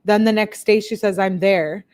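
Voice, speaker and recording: A woman hosting a show, reading text messages aloud in a plain, steady way and breaking off for blunt, disbelieving asides to her viewers. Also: medium pitch, moderate pace. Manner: reads chat comments aloud to viewers. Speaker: channel host.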